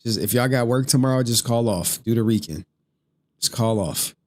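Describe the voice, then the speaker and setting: A man hosting a live stream in a loose, rambling way, cursing freely and breaking into laughter as he reacts to his chat. His voice sits at a middle pitch, and his delivery is casual and off the cuff. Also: normal speed. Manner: profane, laughing, rambling, reads super chats. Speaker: streamer host.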